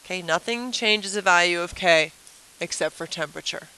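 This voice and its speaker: A woman's voice: fairly low pitch, moderate pace, bright, forceful tone, clear, resonant tone, rough recording. A woman teacher giving a chatty review lesson at a whiteboard, asking the class questions and explaining with playful everyday comparisons.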